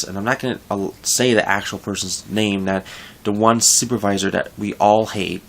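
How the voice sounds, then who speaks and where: A young man with a gravelly, low-pitched voice talks casually to his viewers. He rambles and corrects himself as he vents his frustration about work, in an unscripted vlog rant. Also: steady tone, moderate pace. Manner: frustrated, rambling, with frequent restarts. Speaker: vlogger.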